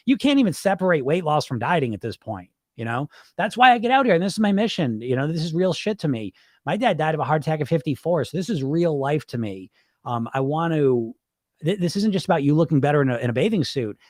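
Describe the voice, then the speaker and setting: A middle-aged man hosts his weight-loss podcast in a blunt, profane, off-the-cuff monologue, often laughing and stumbling over repeated words. His voice sits a little high and swoops up and down with energy. The sound is close and dry. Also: no echo. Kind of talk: unscripted livestream monologue.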